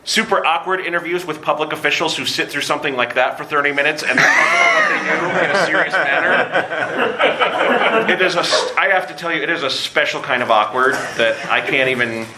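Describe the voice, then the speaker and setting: A man hosting a live podcast in a convention room, his voice sitting a bit high. He jokes loosely and rattles off plugs with casual swearing. Steady background noise hums under the recording. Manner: joking, rapid plugs with profanity. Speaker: podcast host.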